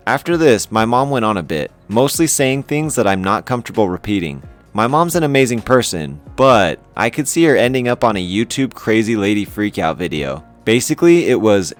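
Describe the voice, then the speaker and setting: A man's voice: lowish voice, expressive, moderate pace, soft background music. A man hosting a story channel, reading online stories aloud with casual, wry commentary.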